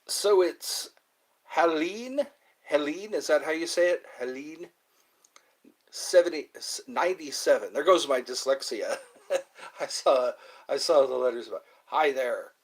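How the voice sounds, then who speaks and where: A man's voice: fairly high pitch, expressive, a little slow, slightly rough, poor audio. A man live-streaming in a casual chat, reading viewer comments aloud and rambling playfully with frequent giggles.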